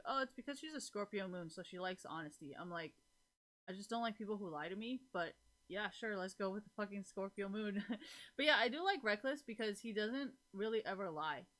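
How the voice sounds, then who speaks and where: Woman, bright tense voice, casual streamer chat, rambling, swearing, lots of fillers. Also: mid-range voice. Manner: rambling, swears freely, many fillers, laughs often. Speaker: live streamer chatting with viewers.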